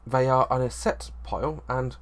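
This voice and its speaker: A man's voice: medium pitch, moderate pace. Casual man explaining a board game. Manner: loose, rambling explanation with frequent restarts.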